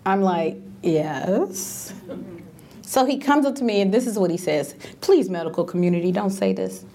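Middle-aged woman, lively storyteller who acts out quoted voices, swooping pitch. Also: fast. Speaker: speaker on grief and end-of-life care. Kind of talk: animated storytelling talk.

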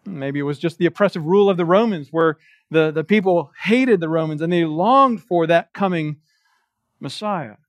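A man preaching an expository sermon as pastor, slowing down to stress quoted scripture. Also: on the high side, no room sound. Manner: emphatic preaching with slow, stressed quotations of scripture. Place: church.

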